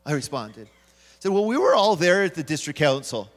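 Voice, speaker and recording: High-voiced pastor in a reverberant church. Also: male voice, sing-song, moderate pace. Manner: storytelling, acting out quoted voices. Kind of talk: sermon. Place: church sanctuary.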